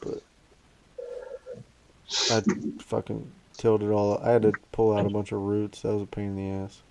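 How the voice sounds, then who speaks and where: A man's voice: on the low side, completely flat delivery, moderate pace, gravelly, a little mellow. A man co-hosting a podcast, speaking in an easygoing, casually profane chat. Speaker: podcast co-host.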